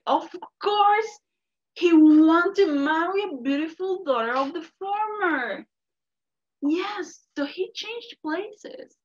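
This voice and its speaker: A woman from Mexico, a native Spanish speaker, telling a folk tale expressively and asking the listeners questions. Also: high-pitched. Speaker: storyteller. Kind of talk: animated storytelling to an audience. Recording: dull lo-fi recording.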